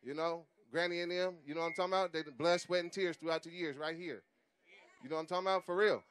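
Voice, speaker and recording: A man's voice: on the high side, fairly even intonation, quick pace, a bit bright, smooth. A middle-aged man speaking at an outdoor street rally in a conversational, repetitive style, often asking "you know what I mean".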